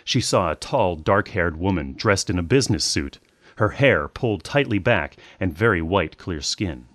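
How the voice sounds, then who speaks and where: Deep-voiced male storyteller. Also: animated, fairly bright tone, no echo. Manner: measured, descriptive reading. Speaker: narrator. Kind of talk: scripted storytelling narration.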